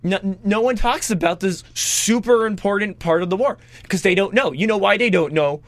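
Give me a young man co-hosting a political podcast, quick and animated, in a dry, close sound. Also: high-pitched, dry recording. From Washington, D.C. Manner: quick, animated, full of "like" fillers. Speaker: podcast co-host. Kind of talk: casual political chat.

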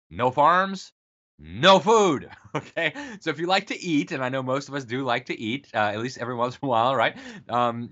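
A man's voice: fairly low pitch, bright, forceful tone, highs cut off. A man giving an emphatic, sarcastic political commentary, speaking straight to his listeners and calling them folks.

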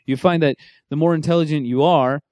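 A man co-hosting a podcast in casual chat, rambling and animated, correcting himself as he goes. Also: fairly high pitch, brisk, dry recording. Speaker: podcast co-host.

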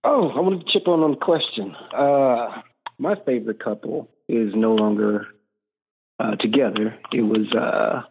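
A man calling in to a comic book chat show, talking in an easygoing, halting way with frequent fillers. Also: mid-range voice, a little hiss or hum. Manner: easygoing, hesitant with many fillers. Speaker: caller. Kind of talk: casual call-in chat. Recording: tinny phone line.

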